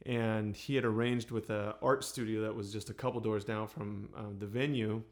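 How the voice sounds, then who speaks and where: A singer-songwriter chatting in a relaxed, unhurried way, with many pauses and fillers. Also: male voice, fairly low pitch. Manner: soft, unhurried, with many ums and restarts. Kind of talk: relaxed storytelling between songs.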